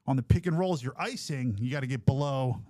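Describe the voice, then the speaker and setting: A man co-hosting a casual podcast, joking and teasing in quick asides. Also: mid-range voice, mellow, no echo, studio quality. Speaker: podcast co-host. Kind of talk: casual chat.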